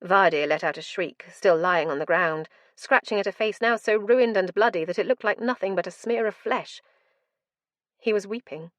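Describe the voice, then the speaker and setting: A woman narrates a first-person fantasy audiobook in a fairly low voice. Her delivery is tense and dramatic, recorded close and dry. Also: expressive, a little slow, no echo.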